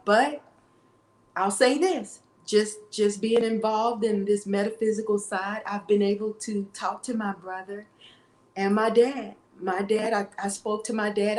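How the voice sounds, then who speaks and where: A woman in her forties, an interview guest, tells a personal story in a halting way and often repeats her words. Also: on the high side, roomy sound. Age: 40s. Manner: halting, repeats phrases, tearful at times.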